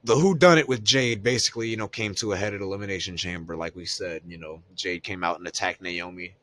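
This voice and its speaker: A man co-hosting a podcast in casual chat, telling stories in a profane, slangy way, his voice jumping high when he gets excited. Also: fast, slight background noise. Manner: animated storytelling, voice jumps high when excited. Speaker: podcast co-host.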